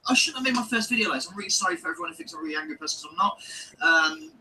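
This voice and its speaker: A man's voice: on the high side, animated, very fast, sharp tone, far from the mic, a little hiss or hum, low-quality recording. A man delivering a heated, sweary, sarcastic ranting monologue in his own video.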